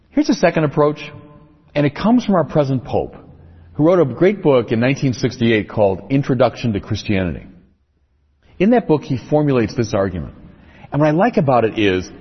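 A man with a slightly husky voice gives a religious talk, his pitch rising and falling freely as he builds his points in lists and asks rhetorical questions. The sound is dull and lo-fi, with a long echo trailing behind his words. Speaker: speaker on religion. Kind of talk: lecture-style religious talk. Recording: echoey, dull lo-fi recording.

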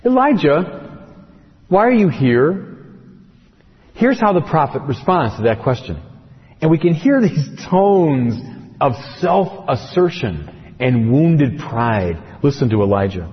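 A man preaching a sermon, telling the story with dramatic pauses and slow, heavy emphasis. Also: medium pitch. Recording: muffled with long hall reverb.

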